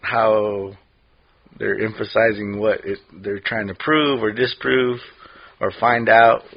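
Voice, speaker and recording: A man co-hosting a podcast, talking casually in a halting way with lots of fillers and restarts. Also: lowish voice, steady tone, gravelly. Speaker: podcast co-host. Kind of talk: casual chat. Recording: dull lo-fi podcast audio.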